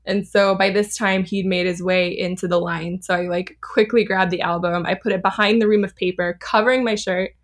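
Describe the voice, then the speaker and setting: A woman in her thirties from Southern California talks as a podcast guest. Her voice sits at an ordinary middle pitch. She tells a story in a chatty, animated way, laughs often and scatters fillers through her sentences. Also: brisk, hardly any pauses. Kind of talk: casual storytelling.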